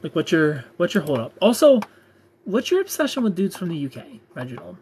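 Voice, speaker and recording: A man's voice: high voice, wildly swooping pitch, brisk, a little mellow, slight background noise. A young man hosting a live stream, joking casually and reading out viewer comments.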